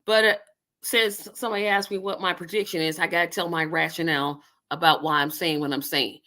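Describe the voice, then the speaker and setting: A woman's voice: fairly low pitch, fairly even intonation, a little fast, pushed and bright. A woman hosting a casual political livestream, rambling and talking to her viewers while she multitasks. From Indiana. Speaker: livestream host.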